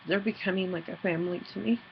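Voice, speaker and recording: Woman, gravelly voice, halting and earnest, lots of fillers, video diary, dull lo-fi recording. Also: mid-range voice, steady tone, noisy background. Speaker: paranormal investigator and team leader.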